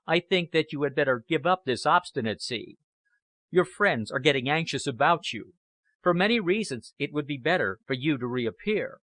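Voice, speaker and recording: A man's voice: fairly high pitch, animated, fairly bright tone, dry recording. A man reading a curt, scheming schemer. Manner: measured, curt replies.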